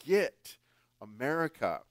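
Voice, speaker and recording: A man quoting a puzzled male friend from abroad in a bemused, higher voice during a sermon. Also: very animated, slow pace, no echo.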